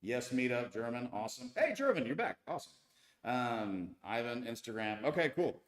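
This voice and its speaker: A man's voice: medium pitch, moderate pace, echoey room. A man in his thirties from the United States hosting a casual live stream, chatting loosely and answering viewer comments. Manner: chatty, reads viewer comments aloud, frequent restarts. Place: home with tile floors.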